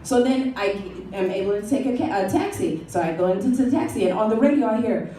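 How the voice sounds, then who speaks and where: A woman's voice: medium pitch, animated, fairly quick, dark tone, a little hiss or hum, close to an everyday voice. A woman comic playing a glamorous older star in a live stand-up act, telling her story in a dry, mock-haughty way. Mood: sardonic. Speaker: comic performing a historical figure. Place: small coffee bar, live show. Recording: roomy live room, mic from far.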